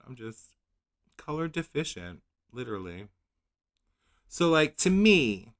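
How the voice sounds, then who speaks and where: Male livestream host, lively up-and-down delivery, rambling and self-doubting. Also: fairly high pitch. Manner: rambling, self-questioning, laughs at himself; reads product blurbs in a mock-dramatic voice. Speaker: nail polish channel host. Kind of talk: casual livestream chat.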